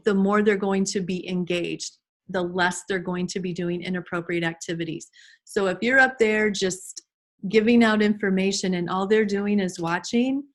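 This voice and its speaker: A woman giving an informal online class to teachers over a video call, chatty with frequent restarts and fillers. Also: mid-range voice. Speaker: early childhood trainer.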